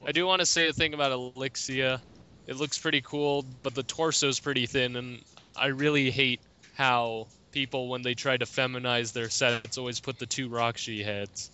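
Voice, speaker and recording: A man's voice: mid-range voice, fairly even intonation, normal speed, sharp tone, clear, resonant tone. A man co-hosting a casual podcast with a joking, sarcastic manner. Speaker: podcast co-host. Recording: dull lo-fi audio.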